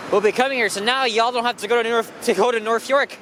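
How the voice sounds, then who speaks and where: A man's voice: very high voice, fairly even intonation, fast talker, a bit bright. A man walking a city street as he films, talking casually and rambling with lots of fillers and restarts. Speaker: walking vlogger. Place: outdoors on a busy city street. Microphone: handheld camera mic while walking. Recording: street traffic noise. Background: traffic and passing buses.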